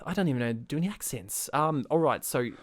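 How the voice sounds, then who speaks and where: A man's voice: medium pitch, quick pace. A man co-hosting a podcast, chatting playfully and often laughing. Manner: playful, animated, prone to breaking into laughter. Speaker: podcast co-host. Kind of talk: casual comedic chat.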